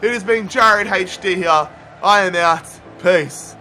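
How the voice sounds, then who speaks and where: A man commentating his own football video game match, muttering through tense play and yelling at big moments. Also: high-pitched, slow pace, faint music behind. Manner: swings from muttering to shouting at goals. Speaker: gaming YouTuber. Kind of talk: excited play-by-play gaming commentary.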